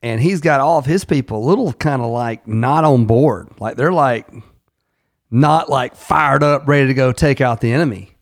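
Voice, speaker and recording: A man co-hosting a business podcast, explaining in a relaxed, storytelling way. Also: mid-range voice, moderate pace, no room sound, clean studio sound. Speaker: podcast co-host. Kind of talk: casual chat.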